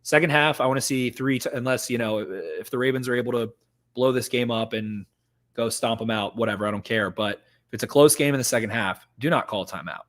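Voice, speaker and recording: A young man co-hosts a sports podcast, his mid-range voice fairly quick and fairly bright. He rants emphatically in casual sports talk, repeating points for effect.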